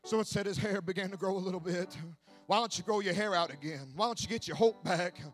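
A man preaching a sermon who swings between hushed asides and shouted, sing-song preaching cadence. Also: sits high, fast. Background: faint music from an accompanist.

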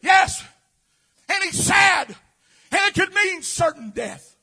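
A man preaching an impassioned sermon, often shouting and dropping in amens. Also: very high voice, expressive, slow, vocal fry.

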